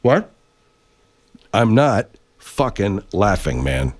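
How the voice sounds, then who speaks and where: Man acting as a voice-over guy, stuffy nose, defensive, profane, stammering, lively up-and-down pitch, comic radio bit. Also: slow pace, slight background noise. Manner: argumentative, stammering restarts, profane. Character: defensive middle-aged man recording voice-over, insisting he isn't laughing. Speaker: voice-over performer in a comedy bit.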